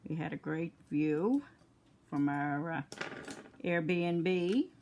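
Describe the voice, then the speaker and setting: An older woman talks her viewers through a craft project at home. She speaks slowly and a little low, sounding tired between yawns. Her talk is chatty and rambling, and she is picked up by a phone camera. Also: darkish tone, slight background noise. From Newfoundland, Canada. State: tired, yawning. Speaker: crafting vlogger. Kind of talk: casual chat while crafting.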